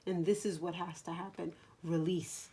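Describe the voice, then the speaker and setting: A woman giving a spiritual card reading in a slow, soothing voice that sometimes drops to a whisper, choked up with emotion. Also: on the low side, level tone, dark tone, slight background noise. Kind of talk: soft spoken tarot-style reading.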